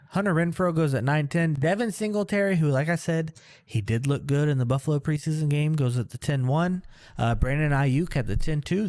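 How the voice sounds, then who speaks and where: A man co-hosting a casual fantasy football podcast, thinking out loud as he runs through draft picks. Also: fairly high pitch, no room sound. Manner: animated, thinks aloud while listing picks. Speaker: podcast co-host.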